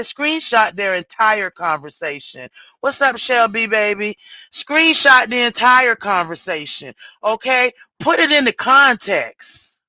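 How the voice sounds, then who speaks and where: A woman's voice: a little high, pushed and bright, dry recording, rough recording. A middle-aged woman hosting a casual livestream, blunt and cussing freely. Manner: blunt, salty, cussing and exasperated. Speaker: livestream host.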